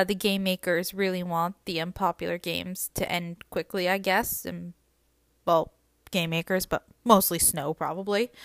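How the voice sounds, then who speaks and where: A woman's voice: mid-range voice, fairly bright tone, clear, resonant tone, no room sound, clean studio sound. A woman hosting a book podcast, casually recapping chapters and reading passages aloud, with frequent ums and uhs. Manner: chatty, many ums and uhs.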